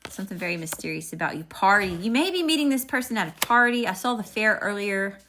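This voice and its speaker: A woman's voice: medium pitch, lively intonation, quick pace, pushed and bright, slight background noise. A woman doing a live tarot reading, chatting with viewers and calling out upbeat greetings. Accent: regional accent, unnamed. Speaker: tarot reader.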